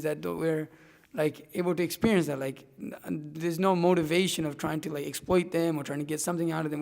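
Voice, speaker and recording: A man's voice: on the high side, vocal fry. A young man sharing a casual, heartfelt testimony at a scripture class, rambling with many likes and restarts. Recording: long echoey hall reverb.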